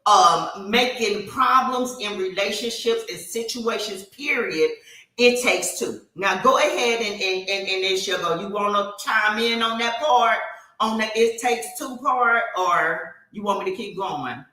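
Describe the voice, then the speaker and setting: A woman chats on a podcast, her voice bright and forward. She tells stories with animated energy and frequent fillers. The room around her is echoey. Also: mid-range voice, measured pace. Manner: animated storytelling with many fillers. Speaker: podcast co-host. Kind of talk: casual podcast chat.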